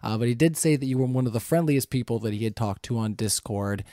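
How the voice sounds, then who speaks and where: A man moderating a live-streamed debate, keeping time and reading viewer questions in a friendly, brisk way. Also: mid-range voice, mellow, no echo, studio quality. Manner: friendly, brisk timekeeping with fillers.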